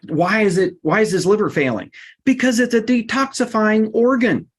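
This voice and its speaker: A man giving a lively seminar talk, emphatic and blunt, his voice leaping up on the points he stresses. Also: moderate pace. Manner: emphatic and blunt, with sudden pitch jumps. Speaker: workshop speaker.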